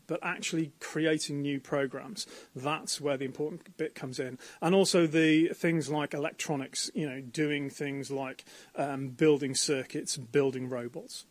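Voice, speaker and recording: A man's voice: a little high, no echo. A man organising a coding event, talking keenly and explaining in a radio interview on a university campus. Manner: enthusiastic, explanatory, with fillers.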